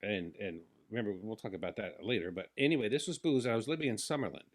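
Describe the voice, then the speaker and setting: A man telling a long personal story in casual talk, animated and acting out the people in it. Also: fairly low pitch, quick pace. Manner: animated, acts out the people in his stories.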